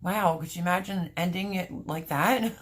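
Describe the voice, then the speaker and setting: A woman hosting her homestead livestream, chatting casually with viewers, apologetic, emotional and flustered, her voice rough and a little choked up. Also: fairly low pitch, a little slow, a bit bright. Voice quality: rough, gravelly voice. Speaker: homestead channel host.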